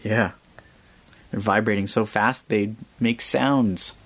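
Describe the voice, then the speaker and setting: A man's voice: on the low side, steady tone, slow, a bit bright. A man hosting a children's music radio show, chatting casually and explaining things simply for kids.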